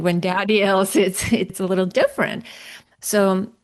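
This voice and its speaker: A woman's voice: medium pitch, fairly even intonation, measured pace. A woman hosting a podcast, interviewing a guest with one reflective question after another. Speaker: podcast host.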